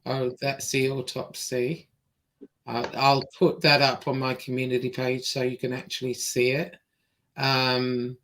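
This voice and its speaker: Female streamer host, slow and halting, reads posts aloud. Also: rumbling low. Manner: halting, many fillers and pauses. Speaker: show host. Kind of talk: livestream interview.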